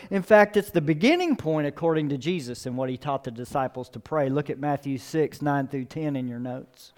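High, clear-voiced man preaching. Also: lively intonation, fairly quick, few pauses. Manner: emphatic, repeats key phrases, rising for emphasis. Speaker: pastor. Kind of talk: sermon.

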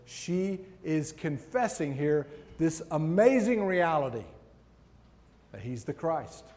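A man preaching a sermon in a large hall, his fairly high voice carrying with a long reverb behind it. He takes his time, leaning on words with slow, emphatic pauses. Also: animated, a little mellow. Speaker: guest preacher.

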